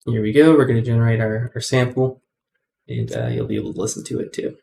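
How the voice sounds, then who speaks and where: A man's voice: medium pitch, very animated, fast talker, gravelly, warm tone. A man hosting a casual coding tutorial, rambling with many ums and self-corrections.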